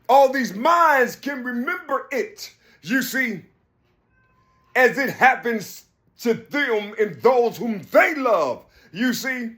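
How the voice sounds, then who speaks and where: An adult man giving a rambling spiritual monologue, preachy and repetitive, often jumping between high and low voices. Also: a bit bright. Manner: preachy, repeats "you see".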